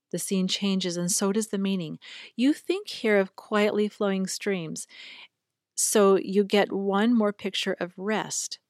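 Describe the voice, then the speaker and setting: A woman reading a book aloud in a calm, measured and reverent way. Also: medium pitch, no echo, clean studio sound. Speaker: reader.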